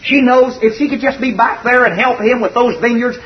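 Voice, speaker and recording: A man with a very high-pitched voice preaches an expository sermon at a moderate pace, folksy, conversational and earnest. The recording sounds dull and distant, with a little hiss or hum.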